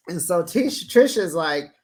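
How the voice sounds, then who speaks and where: A host recapping a reality show in a casual, chatty way, with playful shade and lively asides. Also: medium pitch, slightly rough. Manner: animated, chatty, playfully shady.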